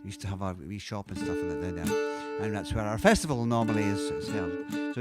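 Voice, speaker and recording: A man's voice: on the low side, fairly quick, hardly any pauses. A Scottish singer-songwriter chatting between songs on his own live show, rambling and hesitant with lots of fillers, patiently explaining things to his listeners. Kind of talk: casual chat between songs. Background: guitar.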